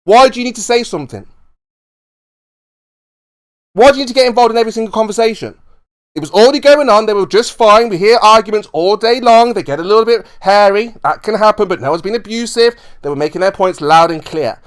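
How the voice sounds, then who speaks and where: A man's voice: high voice, expressive, quick pace, clean tone. A man in a heated voice-chat argument, insistently repeating his questions to a moderator. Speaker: live stream participant.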